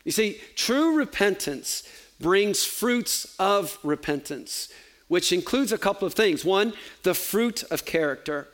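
A man preaching a sermon in church as pastor, conversational and animated, with joking asides. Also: high voice, takes it slowly.

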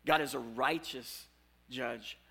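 Male preacher, gravelly edge and bright tone, chatty sermon that jumps from loud and animated to hushed and earnest. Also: mid-range voice, slow. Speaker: pastor.

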